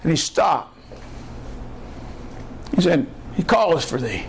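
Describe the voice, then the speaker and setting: A man preaching a sermon as pastor, folksy, acting out the voices in his stories and rising to shouts. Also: on the high side, very animated, takes it slowly, vocal fry, a little hiss or hum. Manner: folksy storytelling, acts out voices; rises to shouts when fired up. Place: church.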